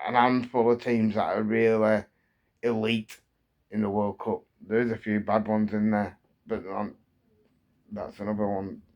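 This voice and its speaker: Heated English football fan ranting. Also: male voice, lowish voice, muffled recording. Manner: heated, repetitive, building frustration. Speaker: football fan channel host. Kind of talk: angry fan rant to camera.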